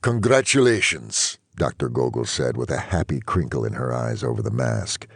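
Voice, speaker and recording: A man reading a novel aloud in first-person narration, measured and even. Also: extremely low pitch, creaky, breathy edge, no room sound. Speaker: audiobook reader.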